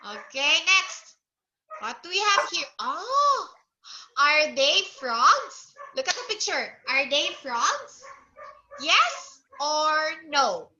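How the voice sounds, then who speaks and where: Woman, English tutor for young kids; high, lively pitch, drawn-out delivery, coaxing repetition. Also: muffled recording. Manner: slow, repetitive, coaxing questions; imitates animal sounds. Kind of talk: online English lesson for a child.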